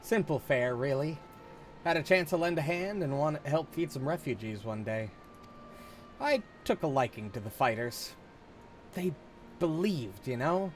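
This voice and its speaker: A man's voice: fairly high pitch, lively intonation, unhurried, faint music behind, pitched above the performer's own voice. A man reading game dialogue aloud, voicing a humble camp cook in an easygoing, chatty way.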